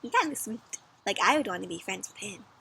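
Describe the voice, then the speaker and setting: Bright, teacherly woman reading to kids. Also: mid-range voice, expressive, fairly quick, gravelly, husky. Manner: warm teacherly, asks children questions. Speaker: children's story reader. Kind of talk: interactive read-aloud for kids.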